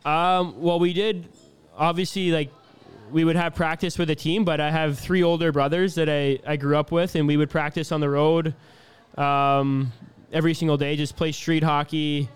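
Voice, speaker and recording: A man in his twenties from Canada, answering interview questions in a relaxed, easygoing way with lots of fillers. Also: fairly high pitch, moderate pace, smooth. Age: 20s. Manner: easygoing, laughs often, many fillers. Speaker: hockey player being interviewed.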